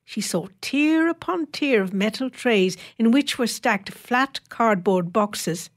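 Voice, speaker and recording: A woman narrating a short story in a measured, wry storytelling voice. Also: fairly high pitch, animated. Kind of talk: reading a short story aloud.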